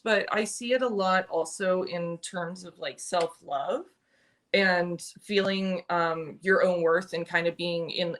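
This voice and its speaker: A woman giving a live-stream tarot reading, thoughtful and halting, with many pauses and restarts. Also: fairly low pitch, fairly bright tone. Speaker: tarot reader.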